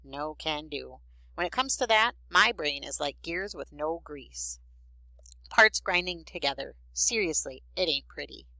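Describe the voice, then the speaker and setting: A woman's voice: low-pitched, expressive, unhurried, sharp tone, no room sound, heavily acted, rough recording. A woman voicing an easygoing teenage boy, the narrator's joking big brother, in a storybook reading. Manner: laid-back, joking, folksy.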